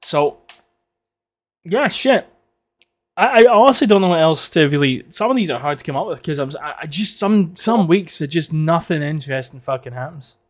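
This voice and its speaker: A man's voice: on the high side, animated, moderate pace. A man from the United Kingdom hosting a solo podcast, rambling and swearing as he jokes and rants. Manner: rambling, profane, joking ranting. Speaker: podcast host. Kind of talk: casual solo podcast monologue.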